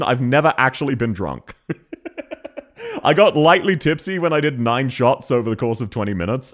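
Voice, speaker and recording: A man with an Australian accent giving casual, animated tier-list commentary as a streamer, laughing often and swearing. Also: medium pitch.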